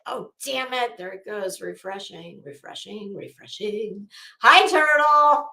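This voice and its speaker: A woman's voice: medium pitch, a little slow, bright, forceful tone. A woman hosting a live stream, reading chat messages aloud and giving catty, sarcastic gossip commentary with plenty of swearing. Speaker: livestream host. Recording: roomy echo.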